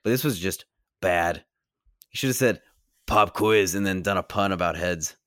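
A man co-hosting a casual movie review podcast, animated and profane, yelling now and then. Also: low-pitched, moderate pace, no room sound, clean studio sound. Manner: animated, swears a lot, yells in excited bursts. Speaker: podcast co-host.

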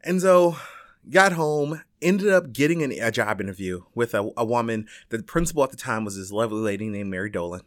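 A man's voice: fairly quick, no room sound, studio quality. Chatty man telling a rambling story. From Chicago. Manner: rambling and animated, with frequent fillers, restarts and swearing; acts out other people's lines with big jumps in pitch. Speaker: teacher telling his story. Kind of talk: casual storytelling.

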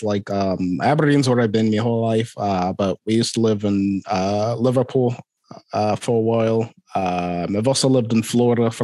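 A man's voice: medium pitch, a little mellow, dry recording. A young man in his twenties with a Scottish accent, chatting easily as a guest in an interview. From Scotland. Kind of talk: casual interview chat.

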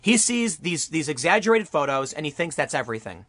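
A young man talking fast and heatedly in an online opinion monologue, firing off rhetorical questions as he argues his case. His voice sits high for a man, and the sound is close and dry, with no room around it. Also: dry recording. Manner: animated, argumentative, rhetorical questions. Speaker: political commentary YouTuber.

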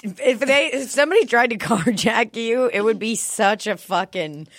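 A woman's voice: on the high side, expressive, normal speed, no echo, studio quality. A woman chatting casually, laughing often and acting out goofy voices in her stories. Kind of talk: casual comedic chat.

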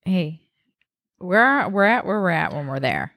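A woman's voice: fairly low pitch, very animated, a little slow, vocal fry, a bit bright, dry recording, clean studio sound. A woman co-hosting a podcast in laid-back casual chat. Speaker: podcast co-host.

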